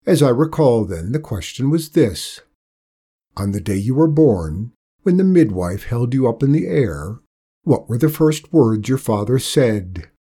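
A man's voice: medium pitch, sing-song, unhurried, dark tone, husky. A man voicing Death as a chatty, officious male figure who relishes his bookkeeping, in a storybook reading. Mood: formal.

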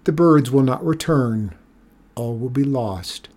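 A man with a husky voice reading the pleading lines of a serious young village teacher in a storybook. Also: mid-range voice, expressive, takes it slowly, darkish tone. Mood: earnest. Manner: pleading, earnest.

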